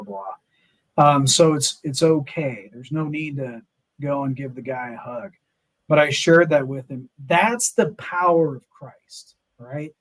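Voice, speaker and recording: A man's voice: a little high, low-quality recording. A middle-aged American man, a military veteran, telling his story in an earnest, emphatic interview with many fillers and restarts. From United States. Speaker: podcast guest, Army Ranger veteran. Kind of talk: candid interview talk.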